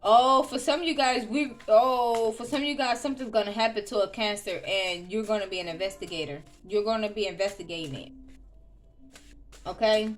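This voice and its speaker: A woman giving a casual tarot reading, chatty and loose, with frequent ums and restarts. She opens with a softly murmured prayer. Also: medium pitch, a little fast. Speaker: tarot reader.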